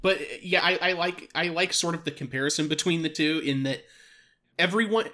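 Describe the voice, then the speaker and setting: A man's voice: fairly high pitch, moderate pace, sharp tone. A man co-hosting a podcast, chatting casually about films, stammering a little and laughing easily. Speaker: podcast co-host. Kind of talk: casual film discussion.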